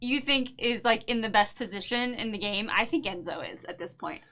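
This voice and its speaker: Jersey girl cohost, bubbly, high voice, laughs a lot. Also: a little fast. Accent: New Jersey. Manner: bubbly, laughs often, animated. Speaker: podcast co-host. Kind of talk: casual chat recap.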